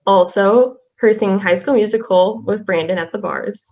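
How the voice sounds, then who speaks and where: A young woman, a class representative, reading a tribute poem in a soft-spoken, halting way with fillers. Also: mid-range voice. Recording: slightly dull lo-fi audio.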